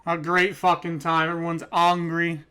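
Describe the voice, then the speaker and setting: A man's voice: on the high side, monotone, normal speed, pushed and bright, clear, resonant tone. A man narrating as game master in a tabletop role-playing game, casual, laughing often and swearing freely.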